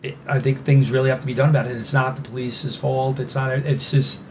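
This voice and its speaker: A man's voice: medium pitch, level tone, brisk, a little hiss or hum. A man from New York City with a New York accent, a podcast guest talking in a rambling, emphatic way with many fillers. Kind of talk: casual interview conversation.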